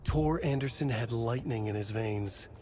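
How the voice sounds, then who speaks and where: A man voicing a terse male narrator in a video game, speaking in clipped, short sentences over steady ambient noise. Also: medium pitch, measured pace, natural voice. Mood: brooding.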